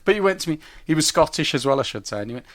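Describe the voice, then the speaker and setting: A podcast co-host with a slightly high voice talks very fast in a casual chat, telling stories animatedly and laughing a lot. The recording has no echo.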